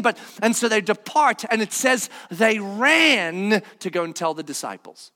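A man's voice: high voice, lively intonation, measured pace, hardly any pauses, bright, forceful tone. A male preacher telling a story animatedly in a sermon, acting out the voices. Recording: long hall reverb.

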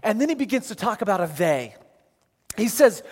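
High-voiced preacher in an echoing hall. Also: male voice, sing-song, normal speed, pauses often, a little mellow. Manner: conversational, paraphrasing scripture in everyday words. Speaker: pastor. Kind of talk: sermon.

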